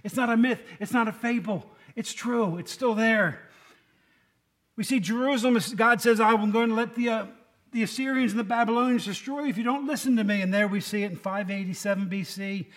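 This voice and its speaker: A man's voice: sits high, fairly quick. A man preaching a conversational sermon, folksy and quizzing his listeners by name. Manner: folksy, asks the congregation questions by name.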